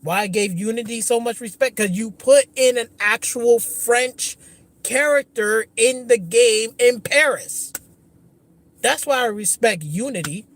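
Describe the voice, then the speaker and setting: A man's voice: very high voice, a little slow, a bit bright. A man hosting a gaming livestream, ranting angrily with lots of swearing and restarts. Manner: angry, profane, repetitive restarts. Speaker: gaming channel host. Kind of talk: livestream rant.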